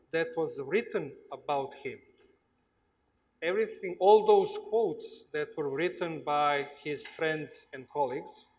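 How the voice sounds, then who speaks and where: A man with a Slavic accent gives a workshop talk to students, his voice pitched a little above the usual for a man. He speaks very slowly, stopping often on "uh" and repeating himself as he searches for words. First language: Slavic language. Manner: slow, halting, with frequent uh pauses and repeats. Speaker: guest lecturer. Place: lecture hall.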